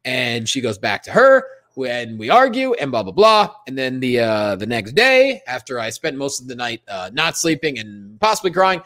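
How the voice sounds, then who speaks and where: A man's voice: medium pitch, big pitch swings, normal speed, few pauses, fairly bright tone. A young man from Pennsylvania, a comedian telling a self-mocking story in a casual podcast chat.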